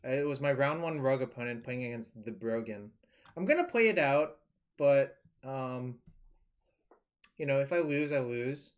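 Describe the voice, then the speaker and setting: Male streamer, casual running talk over a card game, mid pitch, curses freely. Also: animated, normal speed, lo-fi sound. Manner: loose and chatty, swears, thinks aloud. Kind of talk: casual live-stream commentary.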